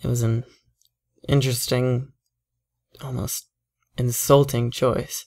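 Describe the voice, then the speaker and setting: A man's voice: mid-range voice, flat delivery. Man reading a horror story aloud. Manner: measured, tense, first-person storytelling. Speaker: narrator.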